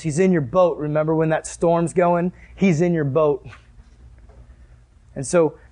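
A man's voice: fairly high pitch, dark tone. A male pastor preaching a sermon in a conversational way, acting out the scenes he tells.

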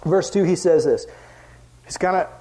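A young man preaching a casual youth group sermon, animated and playful, acting out quoted voices. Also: a little high, moderate pace. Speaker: youth pastor.

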